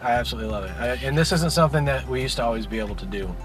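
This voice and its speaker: A man's voice: medium pitch, expressive, very fast, faint music behind. Earnest, folksy man hosting a parenting podcast. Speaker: podcast host, father. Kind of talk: casual podcast chat.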